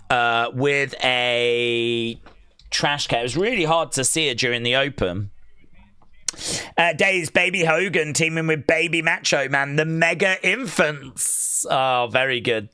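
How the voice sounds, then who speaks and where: A man giving excitable, jokey play-by-play on a live wrestling watch-along and reading viewer comments aloud. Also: medium pitch, clear, resonant tone, dry recording, studio quality.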